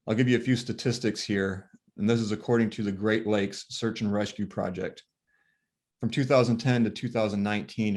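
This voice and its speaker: A man, a grieving father, telling his story earnestly and reflectively with soft pauses, from Michigan. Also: fairly low pitch. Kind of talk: personal testimony talk.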